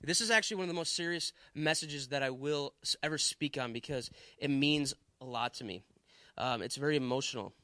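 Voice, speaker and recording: A man's voice: mid-range voice, brisk, sharp tone, no echo. A man from Wisconsin preaching to a live audience, telling a chatty comic story before turning earnest. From Wisconsin, USA.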